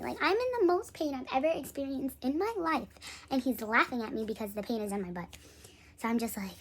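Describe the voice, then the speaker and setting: A young woman vlogger telling a personal story in a casual, animated way, acting out the voices of the people in it. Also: a little high. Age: young adult.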